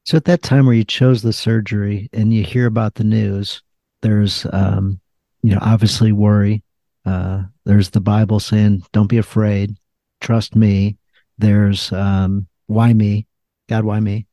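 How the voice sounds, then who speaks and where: A man's voice: lowish voice, flat delivery, a little slow, warm tone, no room sound. A man hosting a podcast interview, asking questions in an encouraging, conversational way. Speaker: podcast host.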